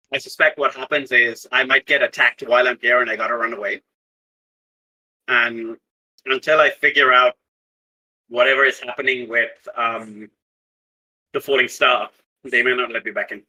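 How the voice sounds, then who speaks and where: A man's voice: mid-range voice, fairly even intonation, moderate pace, long pauses, bright, forceful tone, poor audio. A man playing a tabletop game, talking casually and swearing freely. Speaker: player.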